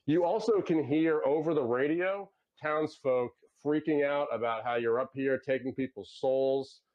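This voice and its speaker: Man narrating as game master, lo-fi. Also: mid-range voice. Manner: loose, halting narration with many fillers. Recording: dull lo-fi sound.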